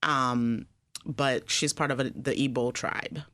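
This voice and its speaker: A woman from Nigeria, a podcast guest talking in a relaxed, hesitant way with many fillers. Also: very deep voice, slow, no echo. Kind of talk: casual interview. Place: studio.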